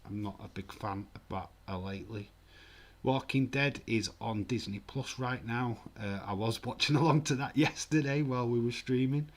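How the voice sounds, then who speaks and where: A man's voice: mid-range voice, normal speed. A man streaming a live football watch-along, chatting casually and rambling with frequent restarts. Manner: rambling, self-correcting, chatty.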